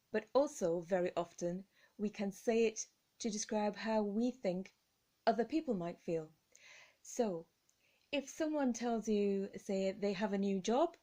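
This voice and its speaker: A woman with an English accent teaching pronunciation in a slow, carefully enunciated style with encouraging words. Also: medium pitch, a little mellow. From England. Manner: careful, deliberate articulation with encouraging tone. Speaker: English teacher and vocal coach.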